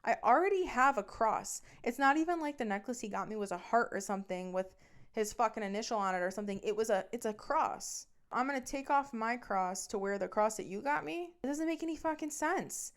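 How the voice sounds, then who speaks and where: A woman's voice: a little high, lively intonation, fairly quick. A young woman in her twenties hosting a podcast, telling a personal story in a swearing, exasperated rant and acting out both sides of the arguments. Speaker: podcast host.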